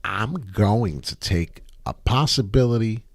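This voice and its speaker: Man, live chart-analysis stream host, brash and profane, low voice that swings widely, dry close sound. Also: takes it slowly, vocal fry, no room sound. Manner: brash, profane, excitable, rambling. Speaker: crypto trading livestream host.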